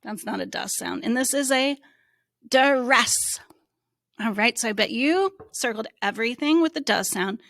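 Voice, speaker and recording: A woman who teaches reading, giving a slow, encouraging phonics lesson to young children and sounding out letters. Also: a little high, animated, creaky, a bit bright, no room sound, studio quality.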